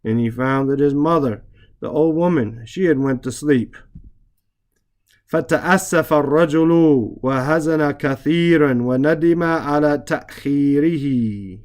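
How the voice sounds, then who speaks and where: His voice is on the high side and a little mellow as he teaches Arabic reading. Slowly and patiently, he translates lines, explains grammar, repeats words, and spells out letters.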